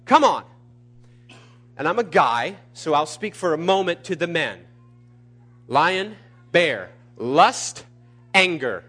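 A man preaching a sermon, emphatic and repetitive, building to loud peaks. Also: a little high, big pitch swings, takes it slowly, pauses often, slightly rough. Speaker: pastor.

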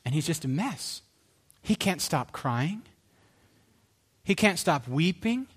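Animated, fairly high-voiced male preacher. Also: slow, breathy edge. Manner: animated storyteller, dropping to hushed earnest tones. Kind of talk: sermon storytelling.

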